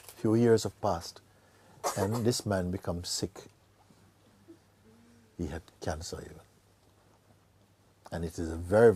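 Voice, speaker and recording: A man acting as a spiritual teacher, telling a parable in an animated way, laughing often and tagging his lines with "no?". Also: low-pitched, a little hiss or hum. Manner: lively and animated, laughs often, tags lines with "no?" and "you know". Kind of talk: storytelling in a spiritual talk.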